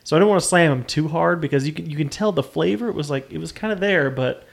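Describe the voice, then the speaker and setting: A man in a casual podcast chat, bluntly complaining about a meal with drawn-out emphasis. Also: a little high, creaky. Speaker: guest reviewing a restaurant.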